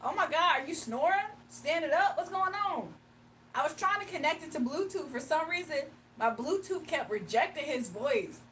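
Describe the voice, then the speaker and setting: A woman's voice: high-pitched, animated, moderate pace, a bit bright, distant mic, a little hiss or hum. A woman hosting a livestream in casual chat, mocking and blunt, laughing often. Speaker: livestream host.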